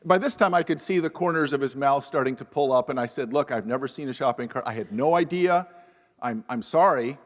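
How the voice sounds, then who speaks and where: A man's voice: medium pitch, fairly quick. A man on a lapel mic telling a self-deprecating story with wry humor as a professor on a panel. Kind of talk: humorous anecdotal talk at a panel event. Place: university event hall. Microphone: lapel microphone. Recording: long reverb of a large hall.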